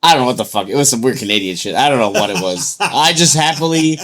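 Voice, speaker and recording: A young man from the United States talking loosely and crudely, a bit tipsy after a few drinks. He acts out other people's lines as he tells stories in a relaxed co-host chat. His voice sits in a middle register. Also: medium pitch, fast talker. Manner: loose, profane storytelling with acted-out quotes. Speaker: podcast co-host. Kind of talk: casual chat.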